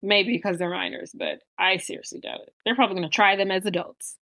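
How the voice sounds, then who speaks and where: Talking a little fast in a medium-pitched voice, a podcast co-host recaps a film in casual conversation. She's an animated storyteller who voices the characters' lines as she goes.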